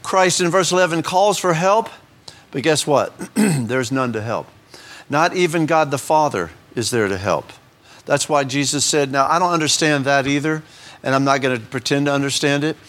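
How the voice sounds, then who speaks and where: A man's voice: a little high, lively intonation, moderate pace, fairly bright tone. A man preaching a verse-by-verse sermon in a conversational, joking manner, with many restarts and fillers. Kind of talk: sermon, verse-by-verse Bible teaching.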